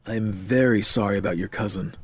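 A man's voice: lowish voice, fairly even intonation, fairly quick, husky. A man voicing an earnest young shopkeeper who speaks plainly, in an audiobook.

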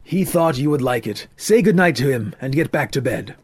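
A man voicing a sinister, scheming older father who speaks calmly and quietly, in an audiobook. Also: mid-range voice, normal speed, slightly rough.

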